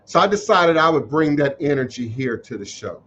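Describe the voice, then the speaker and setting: A man's voice: fairly high pitch, animated, normal speed, fairly bright tone. A man hosting a spiritual live stream, talking emotionally to viewers, reading their comments and repeating phrases for emphasis in a preachy way. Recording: muffled livestream audio.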